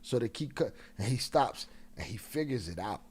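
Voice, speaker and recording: A man hosting a live stream, telling a profane, animated story in a casual way and laughing along. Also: medium pitch, normal speed, husky.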